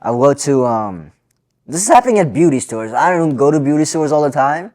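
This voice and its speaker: A man's voice: fairly high pitch, brisk. A man co-hosting a podcast, venting in casual chat, swearing freely. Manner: swears a lot, animated venting. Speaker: podcast co-host.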